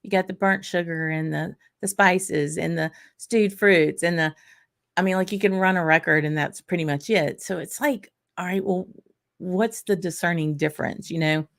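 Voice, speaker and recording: Southern woman host, low and gravelly, unhurried live-stream chatter with small laughs. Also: steady tone. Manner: unhurried, thinking aloud, frequent small laughs. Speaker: whisky channel host. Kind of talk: casual live-stream tasting chat.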